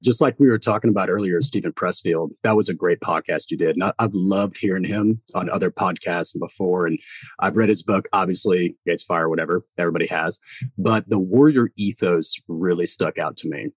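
A man with a somewhat low, husky voice tells war-time stories as a podcast guest. He animates the tale by mimicking the people he quotes. The sound is dry and close, with no room around it. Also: fairly quick, no room sound. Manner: animated storyteller who acts out quoted voices and laughs often. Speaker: podcast guest, former Army Green Beret. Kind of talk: casual storytelling conversation.

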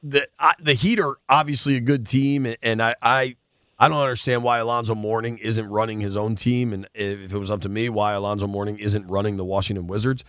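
Halting, thoughtful male sports talk host. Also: lowish voice, steady tone, a bit bright, no room sound, studio quality. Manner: thoughtful, questioning, halting restarts.

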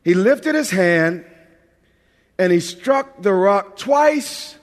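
Preacher, a man from New York with a high voice. Loose, joking sermon delivery, recorded in a big reverberant church hall. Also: animated. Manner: conversational, joking preaching with quick restarts. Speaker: pastor.

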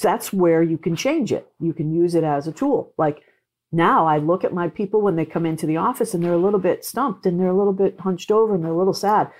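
A woman talking as a podcast guest, passionate and expressive, explaining her ideas with lively storytelling. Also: lowish voice, a little fast. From not from Texas, now living there. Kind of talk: casual podcast conversation.

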